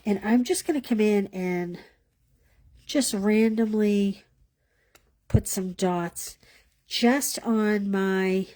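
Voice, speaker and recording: Mellow-voiced woman teaching card stamping. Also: mid-range voice, slow, long pauses. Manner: chatty, thinks aloud, drops to a whisper while working. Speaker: card-making instructor. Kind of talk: live crafting demonstration.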